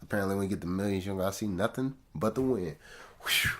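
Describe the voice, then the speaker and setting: Speaking very fast in a low, slightly mellow voice, a man goes through an album song by song, chatting loosely and using slang as he addresses his audience. There's a bit of hiss or hum on the recording, and faint music plays underneath.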